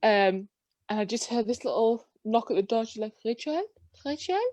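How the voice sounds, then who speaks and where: A woman's voice: mid-range voice, steady tone, normal speed, a little mellow, no echo. Chatty woman, dry close sound. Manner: chatty, self-mocking. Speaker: podcast co-host. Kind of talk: casual storytelling chat.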